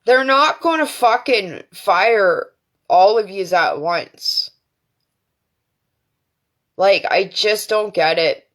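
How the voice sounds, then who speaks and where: A woman's voice: mid-range voice, lively intonation, slow pace, pauses often, fairly bright tone. A Canadian woman hosting a live stream, ranting in a profane, defiant way with many fillers. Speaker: livestream host. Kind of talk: angry livestream rant. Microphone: phone or webcam on a live stream.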